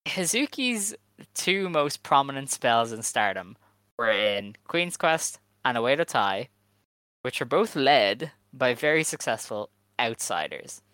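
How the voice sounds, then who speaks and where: A man co-hosting a casual podcast chat, speaking in an earnest, measured way. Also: medium pitch, a bit bright, clear, resonant tone, no room sound. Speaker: podcast co-host.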